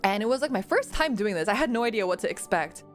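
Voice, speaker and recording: A woman's voice: mid-range voice, big pitch swings, fast talker. Young woman vtuber chatting, giggly and rambly, faint music behind. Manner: rambling, giggly, many fillers and restarts. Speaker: VTuber streamer. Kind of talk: casual Q&A chat.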